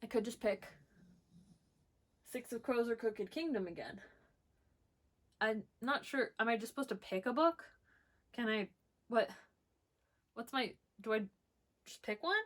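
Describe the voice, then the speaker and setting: A woman's voice: a little high, animated, unhurried, pauses often. A young woman recording a book vlog at home, chatting casually through a list of questions, rambling with lots of fillers and gushing about what she loves. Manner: bubbly, enthusiastic gushing. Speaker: book vlogger. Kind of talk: casual chat, answering a book tag.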